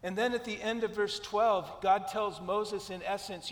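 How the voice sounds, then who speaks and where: A man preaching a sermon in a high, ringing voice that carries a long hall reverb. He is emphatic, driving points home by repeating them and acting out scripture scenes. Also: steady tone, unhurried, few pauses. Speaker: pastor.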